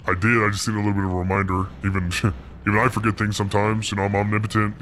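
A young man playing a laid-back slacker God, joking deadpan and rambling while gaming. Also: fairly low pitch, very fast, a little hiss or hum, close to an everyday voice. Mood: casual. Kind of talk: improvised comedy while gaming.

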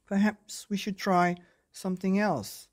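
A man's voice: high voice, little pitch movement, measured pace, pitched above the performer's own voice. A man reading aloud, voicing a cheerful little boy in a bedtime story.

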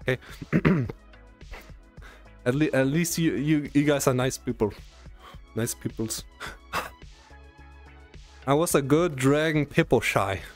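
A man's voice: mid-range voice, takes it slowly, pauses often, soft background music. A man with a German accent, a streamer chatting casually and teasingly with his viewers, stammering and restarting often, his voice a little worn. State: strained voice. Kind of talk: casual live-stream chat.

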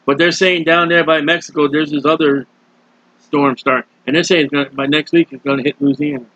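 A man preaches a sermon in a folksy, scolding way, his voice set a bit high for a man. The recording is dull and dry, with a muffled, lo-fi tone. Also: a little fast, a bit bright, no echo.

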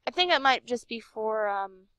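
A woman's voice: a little high, expressive, normal speed, fairly bright tone, clear, resonant tone, no room sound, muffled recording. Chatty, sarcastic woman playing a game. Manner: chatty, sarcastic, talks to herself. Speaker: game streamer. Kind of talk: casual game commentary.

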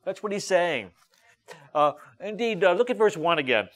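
A man preaching a sermon as a rabbi, emphatic and lively, with frequent fillers and restarts. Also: sits high, moderate pace.

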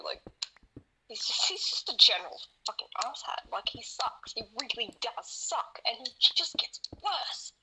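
A woman's voice: a little high, sing-song, measured pace, bright, forceful tone, in a whisper, rough recording. A woman co-hosting a casual podcast, telling her story series in a rambling, sweary way with lots of laughing. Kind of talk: casual chat while gaming.

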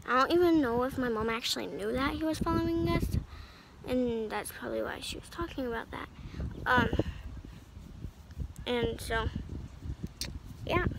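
A woman's voice: on the high side, vocal fry, heavy background noise. A teenage girl telling storytimes in a casual, rambling way, full of "like" fillers. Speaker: vlogger.

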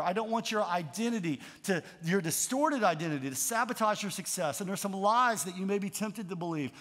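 A middle-aged man preaching a sermon as pastor, moving from relaxed storytelling to emphatic calls and having the congregation repeat lines. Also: high-pitched, big-room sound. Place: large church hall.

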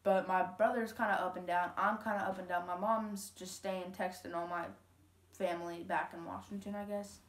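A woman's voice: lowish voice, little pitch movement, moderate pace. Teen girl, casual storytelling vlog, rambling with fillers, roomy echoey room. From Louisiana, USA. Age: teens. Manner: chatty, rambling, lots of fillers and quoted dialogue. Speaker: vlogger. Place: home room. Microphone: camera.

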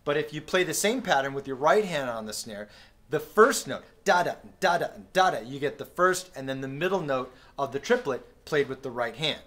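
A man teaching drums in a relaxed, friendly way, explaining patterns with small fillers and sung drum sounds, recorded on a camera mic in a practice room with a drum kit. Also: medium pitch, normal speed. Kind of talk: casual instructional talk. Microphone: camera-mounted recorder.

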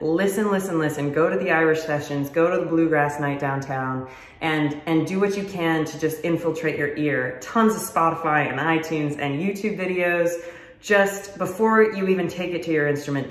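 A woman fiddle teacher explaining styles in a friendly, casual, self-deprecating way. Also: low voice. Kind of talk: casual instructional talk to camera. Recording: roomy echo.

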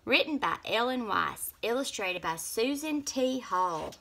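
A woman reading a children's picture book aloud in an expressive way. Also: a little high, measured pace, a little hiss or hum. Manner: expressive, lively. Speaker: storybook reader.

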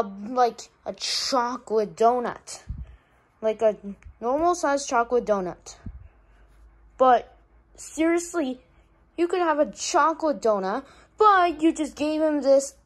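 A woman performing a comedic plush puppet skit, talking in an exasperated, rambling, complaining way. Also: high voice.

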